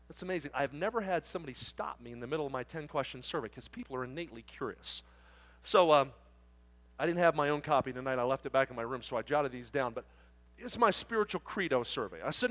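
High-voiced guy preaching, animated storyteller, long reverb like a big church hall. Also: fast talker. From South Jersey, near Philadelphia. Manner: animated storyteller acting out dialogue. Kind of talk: storytelling sermon.

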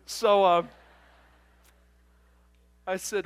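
A preacher from South Jersey telling a lively story in a sermon and acting out the dialogue. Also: male voice, high voice, normal speed, long pauses. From South Jersey, near Philadelphia. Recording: long reverb in a large hall.

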